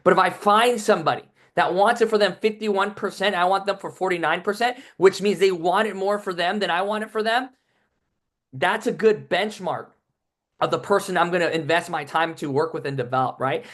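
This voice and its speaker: A man giving a motivational training talk to his sales team, energetic and tagging his points with "right?". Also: sits high, brisk.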